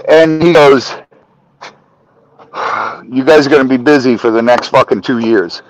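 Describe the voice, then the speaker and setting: A man on a podcast telling a story in casual, animated talk, swearing often and acting out the dialogue. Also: medium pitch, measured pace, no echo, low-quality recording. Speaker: podcast guest.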